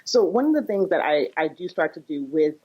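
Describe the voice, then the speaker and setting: A woman's voice: low-pitched, sing-song, brisk, slightly rough, lo-fi sound. A woman working as a psychotherapist and parenting coach, explaining in a podcast interview with acted-out examples and lots of "you know" and "kinda".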